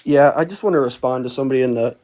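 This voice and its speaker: A man's voice: mid-range voice, very fast, darkish tone. A man in his twenties, calling in and rambling in a distracted way. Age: 20s. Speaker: caller.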